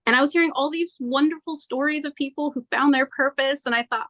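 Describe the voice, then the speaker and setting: A woman being interviewed as a tarot reader, telling her story in an earnest, animated way and acting out her own past thoughts. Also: high voice, fast. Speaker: tarot reader, podcast guest.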